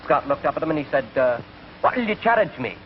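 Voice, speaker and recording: A young English man in his twenties, an entertainer just out of the service, tells jokes in 1940s film dialogue on a muffled old soundtrack with slight background noise. His voice is fairly high, very animated, and a little fast, and he's a genial, chatty storyteller who laughs at his own gags.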